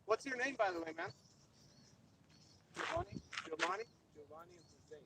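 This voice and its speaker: A man chats loosely beside a lake, telling stories and swearing now and then. His voice is high and gravelly, and his pitch jumps around a lot. He is heard from some distance away, with clear outdoor noise around him. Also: normal speed. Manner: loose, swears, animated storyteller. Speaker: fellow angler. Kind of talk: casual chat.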